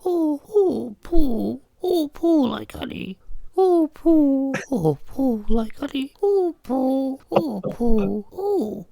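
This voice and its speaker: A podcast co-host voicing Winnie the Pooh, a gentle male cartoon bear, in a squeaky, drawn-out way. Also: animated, creaky, dry recording, exaggerated voice. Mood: hesitant.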